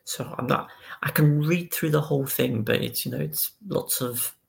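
A man's voice: medium pitch, moderate pace, vocal fry. A man co-hosting a casual football podcast, recounting the news step by step and reading out statements. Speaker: podcast co-host.

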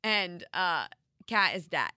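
A woman's voice: lowish voice, very animated, bright, forceful tone, dry recording, studio quality. A woman co-hosting a podcast in casual, playful, teasing chat. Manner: playful, teasing, quick to joke. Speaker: podcast co-host.

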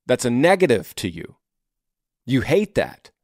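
A male podcast host giving advice in a blunt, earnest and emphatic manner. His voice sits at a medium pitch, and the close studio recording is dry, with no room echo. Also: big pitch swings, a little slow.

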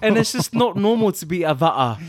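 A man co-hosting a casual chat show, animated and often acting out what people said. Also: sits high, fairly quick, dry recording, studio quality. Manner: animated, quotes people in put-on voices. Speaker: podcast co-host.

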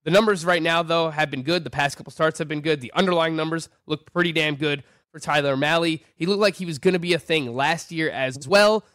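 A man with a fairly high voice talks through numbers in a casual podcast chat. He sounds animated and ready to argue his point. The sound is dry and close, with no room around it. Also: brisk, hardly any pauses, dry recording. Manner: animated, argumentative, stat-heavy. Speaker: fantasy baseball podcast co-host. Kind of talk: casual sports analysis chat.

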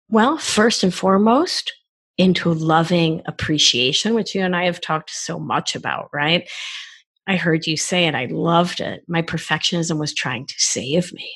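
Breathy low-voiced woman, animated talker. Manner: animated, acts out child voices in quotes. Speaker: guest, wellness expert. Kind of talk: casual podcast conversation.

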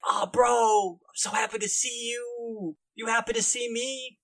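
A man's voice: very high voice, fairly even intonation, unhurried, a bit bright, dry recording, voice pushed up, heavily acted. A man voicing an oily, hot-tempered male guildmaster who talks like a pushy gym bro. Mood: menacing. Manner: slangy, pushy, keeps saying bro.

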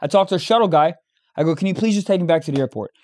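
A young man co-hosting a podcast, telling a story in casual chat, animated and profane, acting out the dialogue. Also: a little high, rapid-fire. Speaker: podcast co-host.

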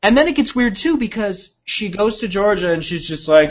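A man's voice: high-pitched, sing-song, moderate pace, hardly any pauses, highs cut off. A man co-hosting a casual comedic podcast, animatedly retelling and acting out movie scenes. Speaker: podcast co-host.

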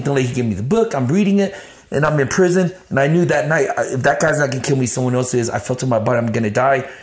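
A man telling his life story in an interview, blunt and animated, swearing freely. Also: medium pitch, fast talker. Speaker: interview guest. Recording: roomy echo.

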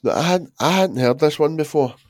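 A man's voice: fairly high pitch, a little fast, darkish tone, no echo, studio quality. A man in his thirties co-hosting a podcast, with sweary, laughing, loosely phrased banter. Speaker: podcast co-host. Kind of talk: casual chat.

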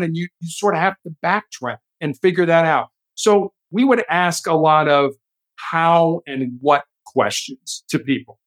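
A man, a guest author and speaker, telling stories earnestly in a conversational interview. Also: a little high. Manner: earnest, explanatory, acts out quoted lines.

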